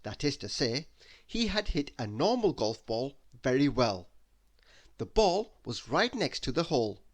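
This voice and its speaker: A man reading a children's bedtime story aloud, animated and asking the listener questions as he goes. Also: mid-range voice, a little slow.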